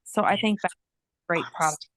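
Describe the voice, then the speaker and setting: A woman's voice: on the low side, moderate pace, a bit bright, no room sound. A woman on a casual group call, explaining at length with many fillers and restarts. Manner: rambling, filler-heavy explaining. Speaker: participant on a product call.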